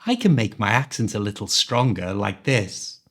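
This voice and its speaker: A man with a mild Liverpool Scouse accent, hosting an accent quiz in a clear, teacherly way. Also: lowish voice, sing-song, moderate pace, fairly bright tone. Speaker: podcast host, English teacher. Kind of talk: quiz host, scripted podcast.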